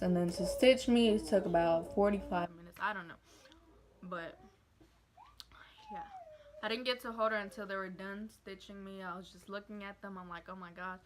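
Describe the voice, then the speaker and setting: A woman's voice: mid-range voice, low-quality recording. A young adult woman vlogger telling her birth story in a casual, emotional, rambling way with lots of fillers.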